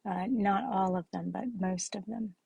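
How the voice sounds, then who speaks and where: Gravelly, husky woman speaking tearfully. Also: mid-range voice, steady tone, mellow, dry recording, lo-fi sound. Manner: earnest, halting, with frequent filler sounds. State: tearful and upset. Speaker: spiritual vlogger. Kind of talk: emotional direct-to-camera appeal.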